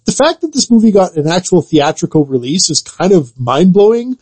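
A man's voice: sits high, big pitch swings, brisk, darkish tone, breathy edge. A man co-hosting a podcast, chatting casually about games and movies in a loose, rambling way full of filler words. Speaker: podcast co-host.

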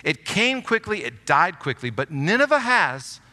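A man preaching a sermon as pastor, animated and reading scripture aloud with strong emphasis in a church. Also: fairly high pitch, measured pace. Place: church sanctuary. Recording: long hall reverb.

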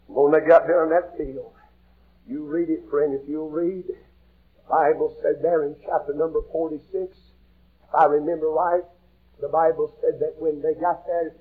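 A man preaching a sermon, retelling a story with impassioned shouts and quiet, hushed passages. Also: on the high side. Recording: muffled lo-fi recording with faint hiss.

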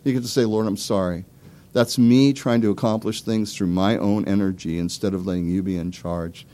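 A man's voice: fairly low pitch, fairly even intonation, moderate pace, dark tone. A man preaching a sermon in a conversational way, with asides and small laughs, asking his listeners direct questions. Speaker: pastor.

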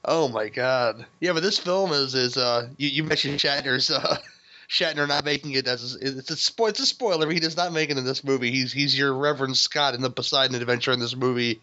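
Bright-voiced laughing podcast host man. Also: mid-range voice, fairly quick. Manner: laughing, swearing, rambling with restarts. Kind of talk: casual movie review chat. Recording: dull lo-fi sound.

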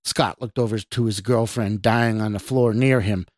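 A man, the podcast host, reading his own horror story in a measured, steady way. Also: on the low side, no echo, studio quality. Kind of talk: scripted horror narration.

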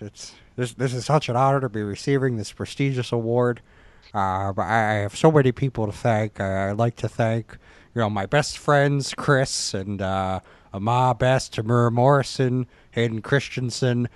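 A man doing a celebrity stumbling through an overblown acceptance speech. He gushes and stammers his thanks in a smooth, resonant voice. The sound is dry and close. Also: mid-range voice, no room sound, natural voice. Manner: gushing, stammering, then snippy. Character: male celebrity giving a mock acceptance speech. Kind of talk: comedy sketch.

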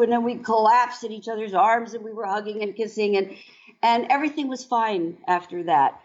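A woman in her sixties, a longtime dancer, telling her story in an interview in a reflective, halting way with many pauses and fillers. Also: on the high side, fairly even intonation. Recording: dull lo-fi sound.

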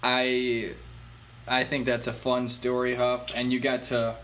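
A man hosting a casual podcast chat, reacting to his guest in a relaxed way. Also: medium pitch, takes it slowly, slight background noise. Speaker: podcast host.

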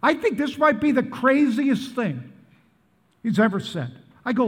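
Brief: man in his 70s, pastor, very high animated voice, reverberant church hall, peppers the crowd with questions. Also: a little slow. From Midwest, US. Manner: asks the crowd rhetorical questions again and again. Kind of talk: sermon. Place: large church in northern Colorado.

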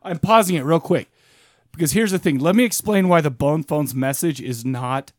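A man's voice: a little high, moderate pace, dry recording, studio quality. A man in his thirties co-hosting a podcast, chatting casually and rambling with lots of restarts. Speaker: podcast co-host. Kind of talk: casual chat.

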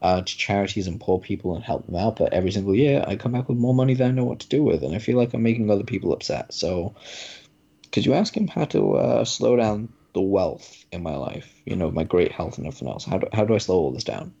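A man voicing a wealthy ranch owner in a retold parable, earnest and quick. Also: fairly low pitch, lively intonation, gravelly, warm tone, breathy edge, lo-fi sound, heavily acted.

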